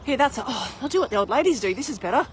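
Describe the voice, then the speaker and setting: Puffing woman, candid and chatty, fairly high voice, phone held out on an outdoor walk. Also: animated, racing, a little hiss or hum. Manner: chatty, candid, self-deprecating. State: out of breath. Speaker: vlogger. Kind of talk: casual live video while walking. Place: outdoors on a hilly street.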